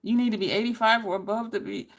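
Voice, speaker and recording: A woman's voice: medium pitch, fairly even intonation, quick pace. A middle-aged woman, chatting casually while doing her makeup and telling stories to viewers. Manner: chatty, storytelling, addresses viewers as y'all. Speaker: beauty YouTuber.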